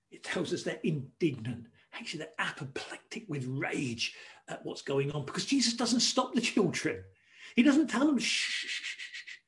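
A man preaching a sermon, expressive and varied, acting out quoted voices and shushing as he tells the story. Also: on the high side.

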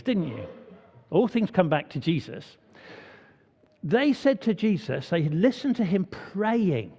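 Lively man leading a church talk. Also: high voice. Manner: lively, chatty, asks the children questions. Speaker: preacher leading a church service. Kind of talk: all-age church talk. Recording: dull, echoey church hall recording.

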